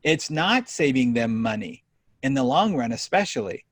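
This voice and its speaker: A man's voice: medium pitch, very animated, normal speed, no echo. A man hosting a podcast interview in a casual, upbeat and effusive way. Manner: upbeat and effusive, lots of praise. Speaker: podcast host.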